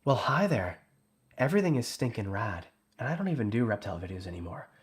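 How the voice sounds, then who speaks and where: A man putting on a low, hushed, folksy voice as an easygoing, cheerful, dinosaur-obsessed grown man. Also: very animated, quick pace. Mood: mock-cheerful.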